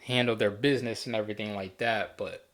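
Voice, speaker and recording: A man's voice: on the low side, fairly even intonation, fairly quick, fairly bright tone. A man hosting a casual solo talk show, rambling easily with frequent restarts and fillers. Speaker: podcast host.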